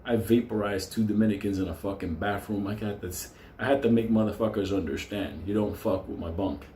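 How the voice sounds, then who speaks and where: A man's voice: fairly low pitch, a little fast, slight background noise. A man telling profane, laughing stories in a casual monologue as a channel host. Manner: profane, laughing, animated storyteller. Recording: echoey room with faint ambience.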